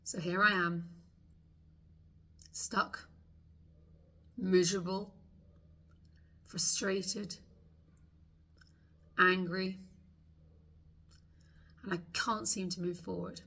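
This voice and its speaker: A woman coaches a guided tapping session, voicing frustrated thoughts for listeners to repeat. Her voice is bright and a little husky, with gravelly fry, and she takes her time over every phrase. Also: mid-range voice, fairly even intonation, drawn-out words, pauses often.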